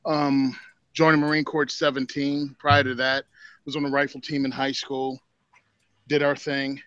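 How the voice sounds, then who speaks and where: A man from Southern Virginia chats easily as a podcast guest, with a relaxed, country-style way of telling his story. His voice sits at a middle pitch and comes through a video call that sounds dull, dry and close, with no room around it. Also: moderate pace, clear, resonant tone, no echo. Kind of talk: casual chat.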